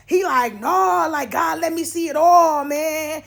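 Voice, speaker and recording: High-voiced animated woman storyteller. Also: measured pace, vocal fry. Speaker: preacher storyteller. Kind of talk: casual spiritual testimony.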